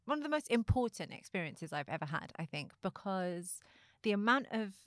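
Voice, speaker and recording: A woman's voice: medium pitch, very animated, moderate pace, no room sound, clean studio sound. A young adult woman hosting a conversation, earnestly telling a personal story and laughing often. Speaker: podcast host.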